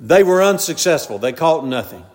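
Older male preacher, Southern drawl, fairly high voice, homely down-to-earth delivery with a long church echo. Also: very animated, normal speed, a little mellow. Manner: homely storytelling, repeatedly addressing "brethren". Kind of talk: folksy conversational sermon. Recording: long reverb of a large hall.

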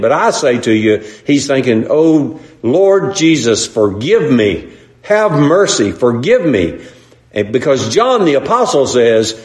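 A man's voice: mid-range voice, roomy sound. A man preaching a sermon, earnest and repetitive, often calling his listeners brethren. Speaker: pastor.

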